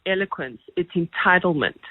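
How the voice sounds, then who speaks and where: A woman's voice: fairly low pitch, animated, normal speed, dry recording. A woman calling a radio show, making firm, prepared points with emphasis. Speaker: caller. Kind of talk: radio call-in opinion. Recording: tinny phone line.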